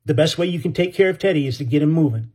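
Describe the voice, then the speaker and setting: Man doing a gruff burned sailor, croaking, commanding, husky. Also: on the high side, animated, rapid-fire, a little mellow. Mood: urging.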